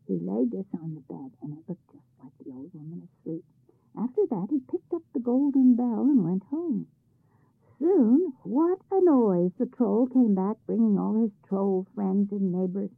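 Woman reading a troll story, husky and gravelly, dry phone-like sound. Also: mid-range voice, expressive, measured pace, no room sound. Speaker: narrator. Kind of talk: storybook narration.

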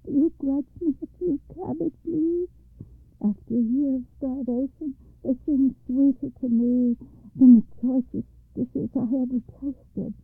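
A starved, humbled lord, as a woman reader puts him on, speaking weakly and slowly. The voice is raised above her own and gravelly. It comes through a dry, tinny, phone-like radio sound. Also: high-pitched, steady tone, dry recording, voice pushed up, heavily acted. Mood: pleading. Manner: weak, slow and pleading.

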